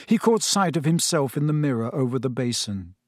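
A man's voice: mid-range voice, brisk, no room sound. Man reading a story aloud, dry close sound. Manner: steady storytelling. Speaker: audiobook narrator. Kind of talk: scripted narration.

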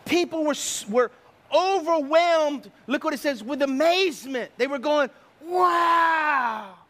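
A man's voice: extremely high pitch, moderate pace. A middle-aged man preaching a sermon, telling stories with sound effects and acted asides. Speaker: pastor.

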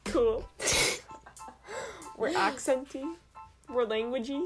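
Young woman podcast cohost, super high voice, talks slow, giggly and joking around, soft music under it. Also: expressive. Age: young adult. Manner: playful, giggly, mock-dramatic. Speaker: podcast co-host. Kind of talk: casual comedic banter.

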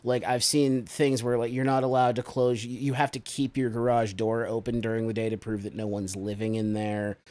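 A man's voice: medium pitch, little pitch movement, moderate pace, hardly any pauses, a little mellow. A man hosting a casual discussion podcast, who explains topics and puts questions to his guests. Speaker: podcast host.

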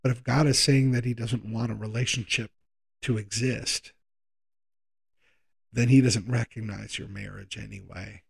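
A man preaching a sermon in a conversational way, slowing down for emphasis and speeding through quick asides. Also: on the low side, steady tone. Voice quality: gravelly, husky voice.

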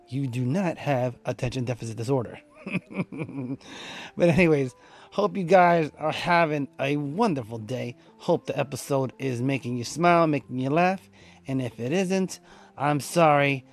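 A man hosting a podcast in a laid-back, playful way, with rhyming shout-outs and frequent laughs. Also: medium pitch. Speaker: podcast host. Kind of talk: casual podcast chat.

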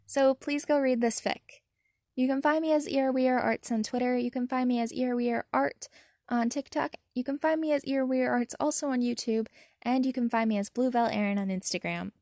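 Mellow-voiced woman reading fan fiction. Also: sits high, steady tone, a little fast, dry recording, studio quality. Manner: enthusiastic, chatty recommending. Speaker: fanfiction reader and reviewer. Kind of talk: reading aloud and casual review.

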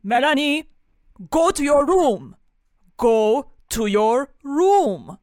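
A woman voicing a stern middle-aged Iranian father, slow and lecturing. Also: sits high, very animated, a little mellow, no echo, studio quality, pitched above the performer's own voice, heavily acted.

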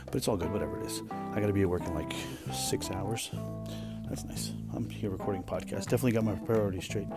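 A man hosting a podcast, telling a rambling, profane workplace story in a casual, animated way. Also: deep voice, fast, loud music behind the voice. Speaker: podcast host.

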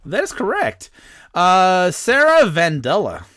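Lively playful man hosting a quiz. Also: high-pitched, slow pace, no room sound, clean studio sound. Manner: playful, mock-serious quizmaster. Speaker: podcast host. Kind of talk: casual comedy podcast, quiz host.

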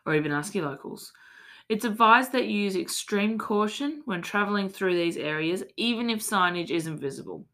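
A woman's voice: medium pitch, expressive, normal speed, a bit bright. An Australian woman hosting a casual podcast, telling a tall tale in a mock-serious, playful way. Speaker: podcast host.

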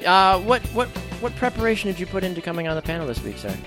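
A man hosts a casual sports game show with an upbeat, teasing manner. His voice sits a little high. Music plays clearly underneath. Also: very animated. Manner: upbeat, teasing, quick to joke.

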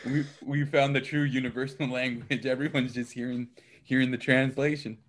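A man trades jokes in a relaxed podcast chat. His talk is playful, with quick teasing remarks. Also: medium pitch, slight background noise. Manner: joking, playful banter. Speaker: podcast co-host. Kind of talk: casual chat.

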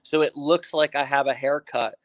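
A man's voice: medium pitch, normal speed. A man from the United States hosting an online interview over the phone, upbeat and chatty with lots of fillers and restarts. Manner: energetic, hype opening, many fillers and restarts. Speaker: host.

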